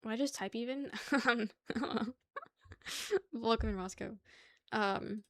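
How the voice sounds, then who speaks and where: A woman's voice: a little high, slow, no room sound. Chatty young woman streamer, dry sound. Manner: rambling, swears casually, laughs often. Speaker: livestream host. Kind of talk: casual chat with chat viewers.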